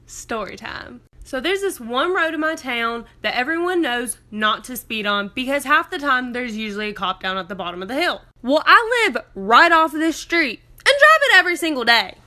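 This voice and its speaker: A woman's voice: high-pitched, big pitch swings, normal speed, few pauses, sharp tone. A woman student telling a casual storytime, blunt and self-mocking.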